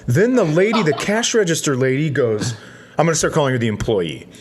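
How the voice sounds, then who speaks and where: A man co-hosting a podcast, telling a rambling comic story with self-mocking asides and deadpan punchlines. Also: a little high, brisk, a crowd in the background.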